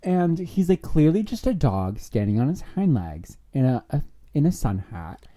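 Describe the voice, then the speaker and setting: A woman co-hosting a podcast in a casual chat, animated and chatty, filling her talk with ums and likes. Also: deep voice, normal speed. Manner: animated, chatty, with many fillers. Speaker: podcast co-host.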